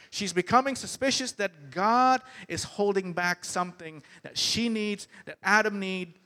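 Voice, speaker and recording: A man's voice: sits high, pushed and bright. A man preaching a sermon, emphatic and often turning to the congregation with questions. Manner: emphatic, asks the crowd questions.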